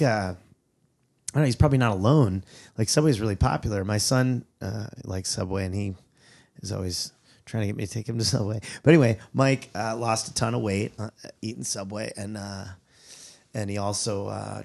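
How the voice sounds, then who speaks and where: A man's voice: fairly low pitch, normal speed, creaky, a little mellow. A man hosting a comedy podcast, chatting casually and rambling, breaking into silly quoted voices. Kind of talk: casual chat.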